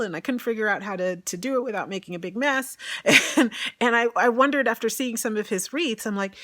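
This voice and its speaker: A woman's voice: mid-range voice, normal speed, fairly bright tone, low-quality recording. A woman vlogging an unboxing at home by a fireplace, giddy and gushing, with gasps and laughter. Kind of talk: casual unboxing chat.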